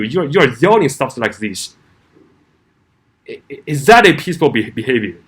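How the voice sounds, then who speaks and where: A man speaking in a mid-pitched voice with very animated intonation. He argues his point in a vlog, stacking rhetorical questions and stumbling into restarts as he pushes on. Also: normal speed. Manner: argumentative, full of rhetorical questions, frequent restarts. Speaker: commentary vlogger. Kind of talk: opinion commentary vlog.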